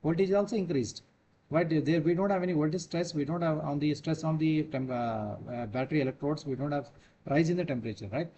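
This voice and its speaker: Fast-talking lecturer, man. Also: on the high side, mellow, a little hiss or hum. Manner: repetitive, asks "right?" after each point. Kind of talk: classroom lecture.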